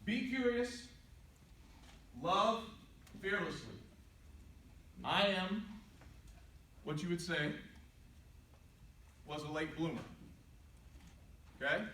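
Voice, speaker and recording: A middle-aged man giving a playful, animated inspirational talk to students in a large hall, telling stories and acting out quotes. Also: sits high, extremely slow, pauses often. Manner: playful, animated storytelling with jokes and acted-out quotes. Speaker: motivational speaker. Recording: echoey hall, voice from a distance.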